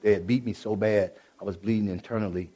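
A middle-aged man from Illinois telling his personal testimony to an audience, animated, swinging from loud bursts to low, quiet asides, with many restarts. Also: quick pace. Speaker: speaker giving a personal testimony. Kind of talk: spoken testimony to a live audience.

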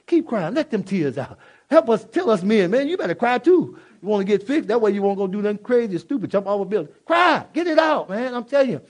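Fervent man preaching his testimony. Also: high voice. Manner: fervent, swinging from hushed to loud exclamations; casual, repetitive asides to the listeners. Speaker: church speaker giving testimony.

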